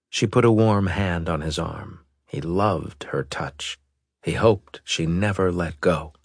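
A man reading a novel aloud as narrator in a measured, deliberate way. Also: low-pitched, creaky, dry recording, clean studio sound. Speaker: audiobook narrator. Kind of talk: scripted narration.

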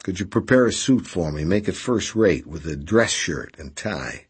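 A man's voice: low-pitched, lively intonation, moderate pace, slightly rough, exaggerated voice. A man reading an audiobook, voicing a tired working man who speaks in a dry, teasing way. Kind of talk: audiobook character voice.

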